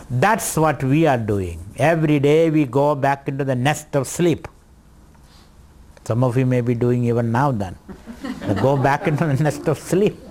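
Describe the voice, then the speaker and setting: A swami teaches scripture to a retreat group. His delivery is slow and deliberate, circling back over key words. His voice sits at an ordinary male pitch. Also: darkish tone, slight background noise. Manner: slow, deliberate teaching with repetitions and light laughter. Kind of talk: spiritual lecture.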